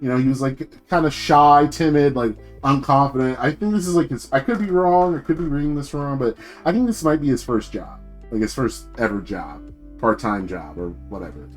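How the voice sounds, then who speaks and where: A man's voice: mid-range voice, fairly quick, soft background music. A young man streaming, telling a long, profane story about his work in casual slang and acting out what other people said. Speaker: VTuber streamer.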